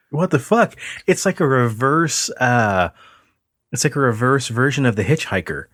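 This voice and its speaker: A man with a husky voice and lively pitch chats with his co-host, reacting with crude, quick asides. The sound is dry and close, with no room around it, and his voice swings up and down as he talks. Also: no room sound. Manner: reacts with laughs and cursing asides. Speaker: podcast co-host. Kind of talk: casual chat.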